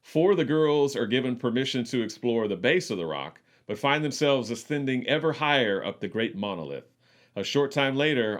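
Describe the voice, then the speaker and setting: Male co-host, medium pitch, relaxed movie-podcast recap. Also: normal speed. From United States. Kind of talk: casual movie discussion.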